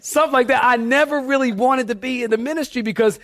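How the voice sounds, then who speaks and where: A man preaching a sermon in church, telling lively stories and acting out the voices of people in them. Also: extremely high pitch, fairly quick, no echo. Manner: animated storyteller, acts out quoted voices. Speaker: pastor. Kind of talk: sermon storytelling.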